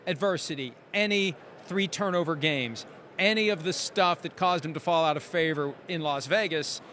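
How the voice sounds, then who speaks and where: A man talks through a casual sports talk show with a dry, teasing wit. His voice sits a little high for a man. A faint noise runs under the recording. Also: normal speed, pushed and bright.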